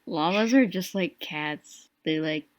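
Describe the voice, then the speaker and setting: A woman's voice: low-pitched, takes it slowly. A woman co-hosting a podcast, joking around in casual chat and laughing often. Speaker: podcast co-host.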